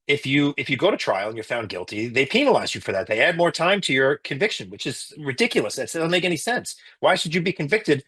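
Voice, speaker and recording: Husky middle-aged man, earnest and indignant. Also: medium pitch, fairly bright tone. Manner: earnest, with frequent restarts and rising indignation. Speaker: emergency physician and interview guest. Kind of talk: emotional personal account in an interview.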